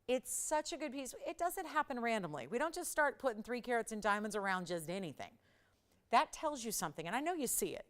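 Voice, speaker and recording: A woman hosting a live jewelry shopping show, chatting and telling stories as she pitches a ring, laughing often. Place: TV studio.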